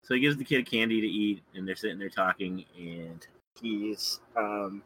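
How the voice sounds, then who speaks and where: A man's voice: on the low side, moderate pace, fairly bright tone, slight background noise, poor audio. A man guest on a casual podcast, retelling a film plot and chuckling often as he goes. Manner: chuckles often while recounting scenes.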